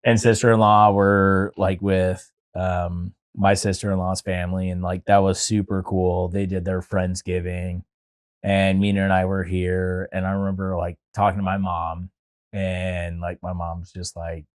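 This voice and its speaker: A man's voice: low-pitched, level tone, measured pace. A young man, a podcast guest, telling a long personal story in casual chat, full of filler words like "like" and "dude".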